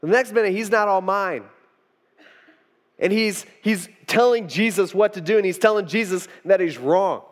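Chatty preacher in a reverberant hall. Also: male voice, high-pitched, normal speed. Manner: chatty, acts out quotes, many fillers. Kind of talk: casual storytelling sermon.

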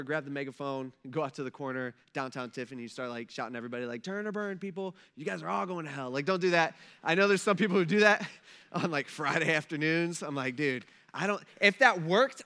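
A man preaching in a relaxed, conversational way, his voice bright and a little high. He leans hard on key words, drops almost to a murmur, then swells again. He slips into voices when he quotes people. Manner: conversational, emphatic, swings loud and soft, acts out quotes. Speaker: pastor. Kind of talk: casual sermon.

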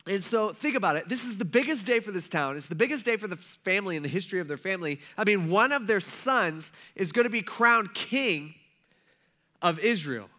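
Animated, bright-voiced male pastor. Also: high-pitched, brisk. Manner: conversational, animated, acts out Bible characters with asides. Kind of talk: casual sermon.

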